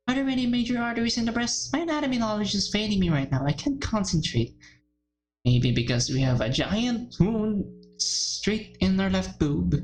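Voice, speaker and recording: A woman's voice: lowish voice, a little mellow, rough recording. A woman hosting a let's play, reading a visual novel's text aloud and breaking off with shocked, emotional reactions and gasps. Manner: emotional, gasping and swearing in shock between read passages.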